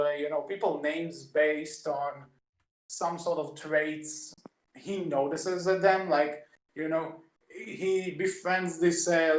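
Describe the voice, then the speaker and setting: Higher-voiced man in an echoey room. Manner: eager, retells scenes at length. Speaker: podcast co-host. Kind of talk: casual film discussion.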